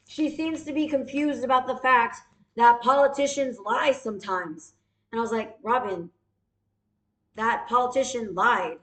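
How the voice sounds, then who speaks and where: A woman with a fairly high voice rambles through a comic improv monologue. She is silly and profane and keeps catching herself with deadpan "wait, what?" corrections. The room around her sounds echoey. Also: measured pace. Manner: silly, deadpan asides, swearing, sudden self-corrections. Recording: roomy echo.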